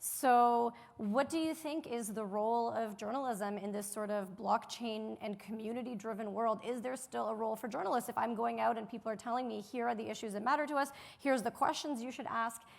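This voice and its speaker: A woman's voice: fairly high pitch, vocal fry. A woman moderating a conference panel, building up thoughtful questions.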